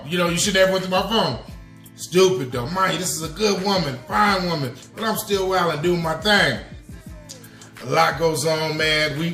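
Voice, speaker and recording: A man's voice: a little high, fairly bright tone. A man hosting a podcast, telling a personal confession in a loose, slangy storytelling manner and calling the listeners "y'all". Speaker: podcast host. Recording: echoey room with faint music.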